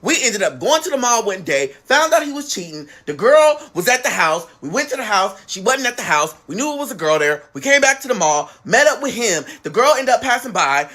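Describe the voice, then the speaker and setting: A man telling a family story in a casual storytime chat, acting out what relatives said with big jumps in pitch. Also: very animated, fairly quick, few pauses, bright, forceful tone. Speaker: guest storyteller.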